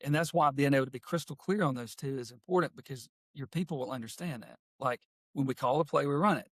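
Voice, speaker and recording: Middle-aged man, folksy interview guest; medium pitch, dry studio sound. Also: quick pace, a bit bright, no room sound. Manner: folksy, with homespun phrases. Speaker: guest, workplace culture consultant and author. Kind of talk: casual interview talk and storytelling.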